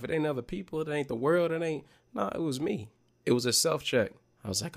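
A man telling a personal childhood story to viewers in a casual, slangy, animated way, drawing a life lesson from it. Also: on the high side, brisk, creaky. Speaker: motivational speaker.

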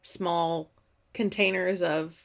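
A woman's voice: on the low side, fairly even intonation, extremely slow, vocal fry. A woman hosting a podcast who interviews a guest casually, listening closely and agreeing often. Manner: attentive, with frequent short agreements. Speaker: podcast host.

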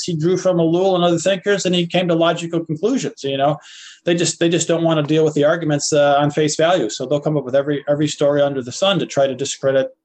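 A man's voice: a little high, a little mellow, slight background noise. An older man, a philosophy lecturer, answering podcast interview questions in an earnest, hesitant way with frequent restarts.

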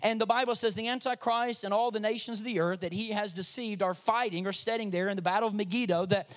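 Speaking fast in a high, steady voice, a pastor delivers a sermon, reading from scripture with rising emphasis and calling out to his congregation for responses.

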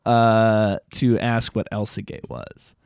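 A man's voice: on the low side, little pitch movement, slow, vocal fry, darkish tone, clean tone, no echo, clean studio sound. A young man co-hosting a podcast in a rambling, laughing casual chat. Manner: rambling, laughing, many fillers. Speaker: podcast co-host.

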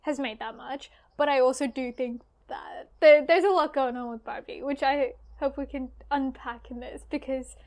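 A woman's voice: high voice, fairly even intonation, normal speed, hardly any pauses, a little mellow. A woman co-hosting a podcast, chatting casually and laughing often. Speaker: podcast co-host. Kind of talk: casual chat.

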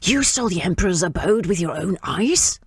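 A woman voicing a gruff, impatient old male miner from her story. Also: on the low side, lively intonation, moderate pace, dry recording, studio quality, exaggerated voice. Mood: exasperated.

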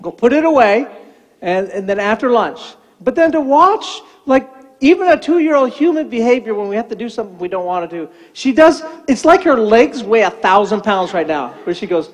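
A man's voice: sits high, moderate pace, big-room sound. An older man, a pastor, preaching a sermon and acting out quotes as he tells a story. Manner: animated storytelling, acts out quotes.

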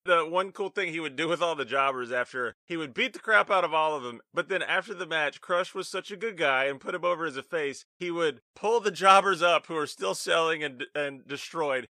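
A man's voice: fairly high pitch, a little fast, hardly any pauses, sharp tone, dry recording, clean studio sound. A man co-hosting a wrestling podcast, telling stories casually with frequent laughs and quoted asides. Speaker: podcast co-host.

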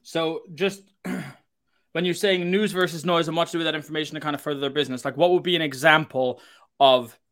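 A man's voice: fairly high pitch, a little fast. A man hosting a live podcast, talking energetically with plenty of fillers. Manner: energetic, talkative, many fillers. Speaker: podcast host.

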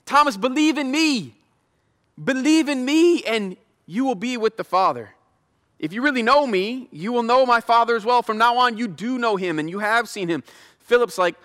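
A man preaches in a loose, slangy, conversational way, and his voice is high for a man and bright. A long hall reverb trails behind each phrase. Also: normal speed. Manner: conversational, slangy, animated retelling. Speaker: pastor. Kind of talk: casual sermon with paraphrased scripture.

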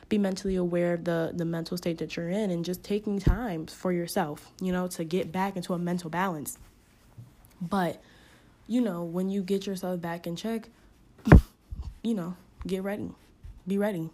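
Impassioned young woman podcaster, warm voice. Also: lowish voice. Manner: emphatic, repeats phrases for stress. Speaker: podcast host. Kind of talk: impassioned solo podcast monologue.

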